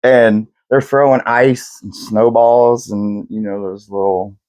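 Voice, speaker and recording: This young podcast co-host recounts history loosely and profanely, wandering off on tangents and voicing the quotes himself. He speaks slowly in a lowish, slightly mellow voice with fairly even intonation.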